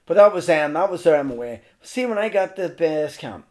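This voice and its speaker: Man, middle-aged, casual storytelling, slightly high voice, salty and animated. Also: brisk. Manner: animated, swears freely, acts out others' lines. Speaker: interview guest, mountaineer.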